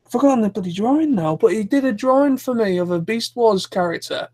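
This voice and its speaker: A man with a notably high voice chats on a live stream, telling stories in a loose, rambling way full of restarts. He speaks casually and informally. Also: expressive, fast talker, a little mellow. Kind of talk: casual chat.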